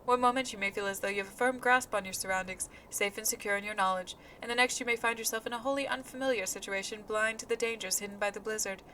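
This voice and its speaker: A woman reading out a smooth, ominous male inquisitor in her own plain voice. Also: medium pitch, fairly even intonation, sharp tone, slight background noise, lightly acted, poor audio. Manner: measured, cautioning, plain reading voice.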